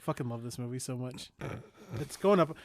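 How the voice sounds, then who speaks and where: A man's voice: medium pitch, lively intonation, moderate pace, dry recording, studio quality. A man co-hosting a podcast, chatting casually and animatedly, acting out movie lines as he goes. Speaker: podcast co-host. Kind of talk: casual chat.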